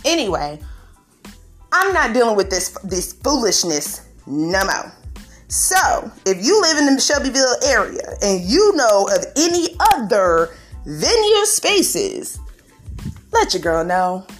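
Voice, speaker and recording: A woman's voice: fairly high pitch, very animated, slow, soft background music. A woman, venting angrily in a podcast monologue, swearing and laughing. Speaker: podcast host.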